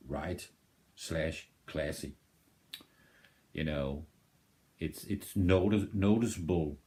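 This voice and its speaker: A man's voice: sits low, darkish tone. A man with a Danish accent, rambling through a casual reaction commentary and thinking aloud with many restarts. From Denmark. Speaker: reaction video host.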